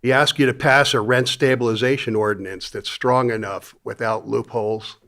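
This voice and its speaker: A man speaking at public comment in a county meeting, plain-spoken and a little halting as he appeals to the board. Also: mid-range voice, steady tone, fairly bright tone. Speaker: public commenter, mobile home resident.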